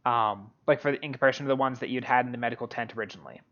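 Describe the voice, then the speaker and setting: A man's voice: mid-range voice, fairly bright tone. Guy running a tabletop game, ums and likes everywhere, muffled lo-fi sound. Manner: halting, full of "um" and "like". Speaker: game master. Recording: dull lo-fi audio.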